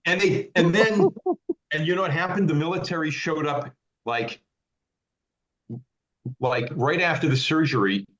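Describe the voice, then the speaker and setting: A man's voice: a little high, measured pace, pauses often, fairly bright tone, echoey room. Stammering male podcast guest, lo-fi. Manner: stammers and repeats words. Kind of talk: casual storytelling. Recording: dull lo-fi recording.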